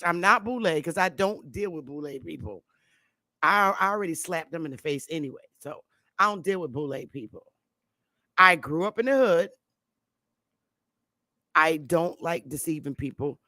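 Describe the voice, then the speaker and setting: A woman from New England delivers an impassioned livestream monologue, blunt and profane. Her voice is gravelly and forceful. The sound is close and dry. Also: low-pitched, no room sound. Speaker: livestream host.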